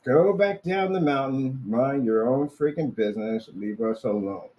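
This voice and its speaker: A man voicing a grumpy, territorial male dragon that yells from its cave, grumbling and irritated. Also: medium pitch, a little slow, close to an everyday voice. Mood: annoyed.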